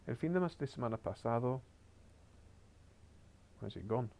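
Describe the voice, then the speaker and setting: A man's voice: on the low side, brisk, a little mellow. A man teaching a beginners' Spanish lesson on a recorded screen share, chatty and encouraging with wry asides.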